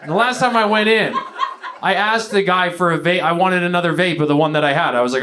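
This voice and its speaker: A man's voice: sits high, fast, a crowd in the background. A man from Canada performing a stand-up comedy set, rambling and self-deprecating, bursting into voices for the people in his stories. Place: comedy venue before a live audience. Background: audience laughter.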